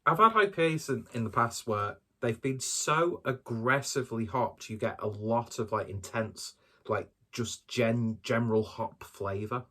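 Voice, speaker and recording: A man's voice: medium pitch, measured pace, sharp tone. A man doing a casual solo beer review, talking in a rambling, hesitant and self-deprecating way.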